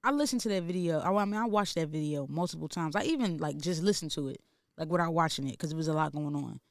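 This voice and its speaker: A man's voice: on the high side, fast talker, creaky, no echo. Podcast co-host, man, heated and emphatic, profane, dry close sound. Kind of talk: casual podcast chat.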